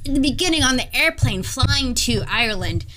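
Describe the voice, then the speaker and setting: A woman's voice: sits high, expressive, moderate pace, background noise. A woman co-hosting a casual podcast, telling a travel story in a chatty, laughing way. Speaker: podcast co-host.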